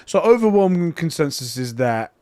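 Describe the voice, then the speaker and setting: Laid-back podcast co-host, dry sound. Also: male voice, a little high, normal speed, smooth, no room sound. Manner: relaxed, swears casually, laughs easily. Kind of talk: casual chat, reading listener messages.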